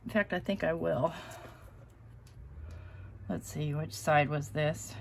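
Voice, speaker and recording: A woman's voice: low voice, normal speed, creaky, pauses often, a bit bright, a little hiss or hum. Chatty woman crafting live. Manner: chatty, self-deprecating, laughs often. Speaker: crafting channel host. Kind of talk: casual live crafting stream.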